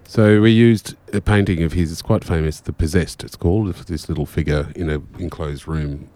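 A man's voice: sits low, normal speed, dark tone, no echo. A man, a musician, telling rambling anecdotes in casual chat and swearing freely. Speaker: musician guest.

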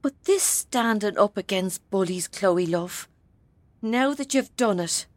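A woman's voice: mid-range voice, lively intonation, slow pace, dry recording. An actress in her seventies with an Irish accent playing a fierce, defiant grandmother in prison. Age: 70s. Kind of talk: film drama acting.

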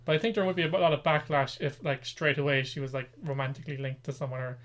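A man's voice: medium pitch, fairly even intonation, fast talker, a bit bright. Man co-host with wry asides. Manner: reads news items, then chats with wry asides. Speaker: podcast co-host. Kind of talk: casual pop-culture chat.

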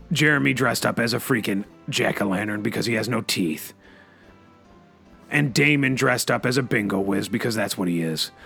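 Gravelly, excitable comedy radio host man. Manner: excitable, swings between loud outbursts and low asides; peppers every sentence with a repeated catchphrase. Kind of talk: comic in-character monologue.

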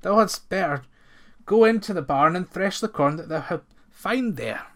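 A flustered, frightened farmer in a storybook bursts out high and loud, stumbling over his archaic words, as a man puts him on. The voice jumps well above the reader's own, tense and agitated. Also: animated, moderate pace. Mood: anxious.

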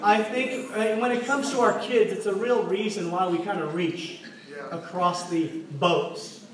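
A pastor preaches a playful church sermon, joking and putting questions to the congregation. His voice sits high with fairly even intonation and a slightly slow pace. It's recorded from far off in an echoey hall with faint noise.

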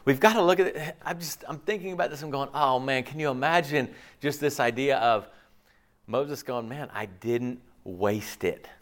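A man preaching a sermon in an animated, rhetorical way, often checking in with the congregation. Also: mid-range voice, moderate pace. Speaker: pastor.

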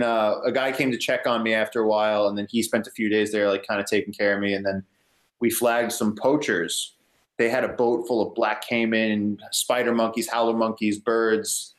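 A young man casually telling a story in an interview, rambling and relaxed, with many "like" fillers. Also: on the low side. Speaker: guest, ecotourism company owner.

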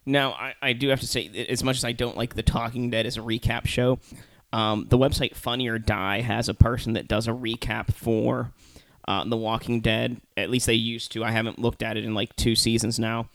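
A man co-hosting a casual podcast, ranting heatedly with curses and at times shouting. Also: mid-range voice, little pitch movement, normal speed, vocal fry, no room sound. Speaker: podcast co-host. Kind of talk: casual profane chat.

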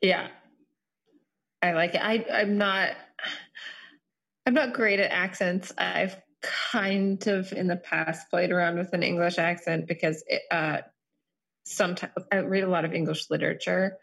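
A woman's voice: on the low side, steady tone, measured pace, gravelly, a bit bright. A woman chatting casually, rambling along with many "like" fillers. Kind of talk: casual chat.

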